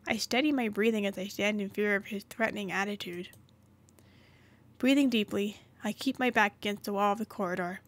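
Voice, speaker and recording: A woman hosting a gaming channel, reading a story game's narration aloud with occasional asides. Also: medium pitch.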